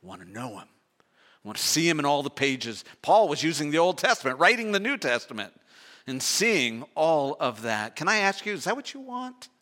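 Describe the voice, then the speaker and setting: An older male pastor delivering a sermon in a bright, forceful, slightly higher-pitched voice. He preaches earnestly, stumbles and restarts phrases, and throws rhetorical questions at the congregation. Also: big pitch swings, normal speed.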